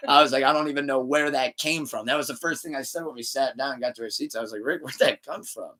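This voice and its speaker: A man hosting a podcast, telling a story in a casual, animated way, laughing and switching between loud bursts and muttered asides. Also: medium pitch, quick pace. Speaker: podcast host.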